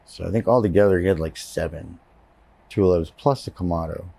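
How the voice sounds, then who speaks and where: A man's voice: sits low, fast talker, gravelly, dark tone, no room sound. A man from Texas giving personal testimony in an interview, telling his story candidly and plainly.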